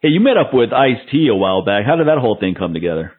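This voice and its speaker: A man's voice: mid-range voice, big pitch swings, fast talker, slightly rough. A man hosting a casual radio interview, joking and laughing often. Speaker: radio host. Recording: phone-line radio sound.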